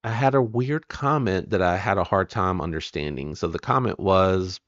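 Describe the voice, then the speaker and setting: A man's voice: deep voice, moderate pace, a bit bright, no echo, lo-fi sound. A man hosting a live stream, chatting casually and rambling as he greets viewers by name.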